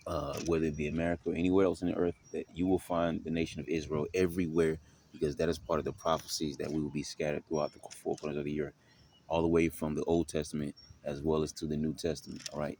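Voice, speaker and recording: A man teaching scripture, reading verses slowly and adding quick asides with repeated check-ins to listeners. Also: a bass voice, slight background noise. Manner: reads verses slowly, drops into quiet asides, tags lines with "all right?". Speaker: bible teacher. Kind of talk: scripture lesson.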